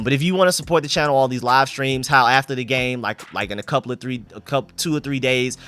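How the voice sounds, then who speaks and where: Fast-talking man with sore throat. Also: medium pitch, a bit bright. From Atlanta, USA. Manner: emphatic, opinionated, repeats catchphrases. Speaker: sports channel host. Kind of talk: fan game review commentary.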